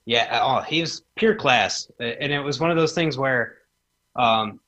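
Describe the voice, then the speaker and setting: Bright-voiced man telling stories. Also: medium pitch, a little slow, dull audio. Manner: animated, acts out quoted dialogue in a raised voice. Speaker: podcast guest, former wrestling promoter. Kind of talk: casual storytelling chat.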